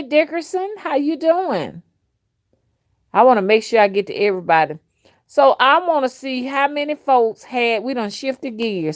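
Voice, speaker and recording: A middle-aged woman, chatting and telling childhood stories to a live chat on her phone, outspoken and animated. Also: medium pitch. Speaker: livestream host and rootworker. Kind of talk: casual storytelling to a live chat.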